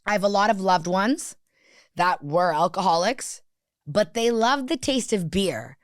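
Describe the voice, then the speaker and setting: A woman guest on a podcast talks frankly and with energy, full of "like" fillers and casual swearing. Her voice sits at a middle pitch and is recorded close and dry, with no room sound. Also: unhurried, no echo. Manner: blunt, animated, swears freely, many "like" fillers. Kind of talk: candid conversational chat.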